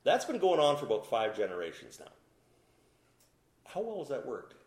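A man preaching a sermon as pastor, swinging from loud emphatic peaks to low quiet asides, in what sounds like a church. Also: wildly swooping pitch, normal speed. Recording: echoey room.

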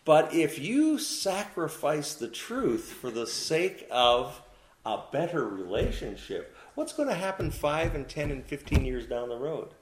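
A man delivers a sermon in a lively, sweeping voice that climbs and drops as he poses questions to his listeners. The sound is roomy and echoey, as in a church hall. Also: fairly high pitch, measured pace, a little hiss or hum. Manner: animated preaching with rhetorical questions to the congregation. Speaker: pastor. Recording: echoey room.

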